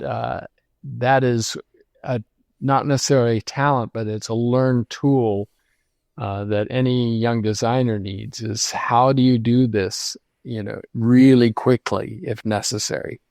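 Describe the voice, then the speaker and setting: An older man recalls his career in an unhurried, reflective way, full of ums and restarts. His voice sits at an ordinary pitch. The sound is dry and close. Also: fairly even intonation, creaky, darkish tone, no echo. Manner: reflective storytelling, many fillers. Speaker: guest, lighting designer. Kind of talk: casual interview conversation.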